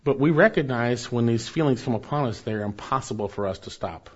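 A male pastor preaching a sermon, rising for emphasis and then dropping soft. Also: medium pitch, fairly quick, slightly rough, lo-fi sound.

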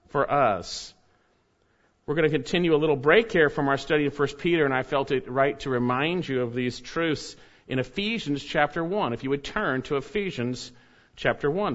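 A man delivers a sermon in a voice pitched somewhat high for a man, earnest and measured. He leans into key phrases as he teaches. The recording is dull and lo-fi. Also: fairly bright tone. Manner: earnest preaching, reads scripture aloud with rising emphasis. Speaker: pastor.

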